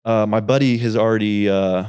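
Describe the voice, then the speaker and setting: Low-voiced young man telling rambling stories. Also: moderate pace, smooth. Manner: rambling, animated, swears freely. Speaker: podcast guest, YouTuber. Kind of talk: casual storytelling.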